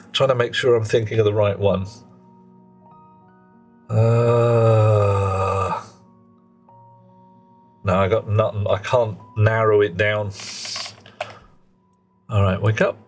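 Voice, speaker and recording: A man's voice: lowish voice, takes it slowly, long pauses, faint music behind. A middle-aged man chatting and rambling in casual commentary while he plays a game on a live stream. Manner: rambling, chatty, muttering to himself while playing.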